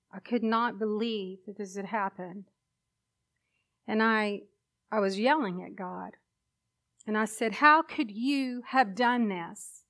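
A woman preaching a sermon and sharing a personal testimony, with an emotional, emphatic delivery. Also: medium pitch.

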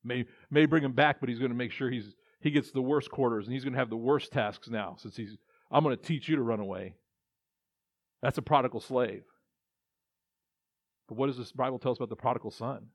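A male pastor from Texas delivers a conversational sermon, restarting sentences and acting out quotes. He speaks fairly quickly in a mid-range voice with a steady tone. The dry recording sounds dull and muffled.

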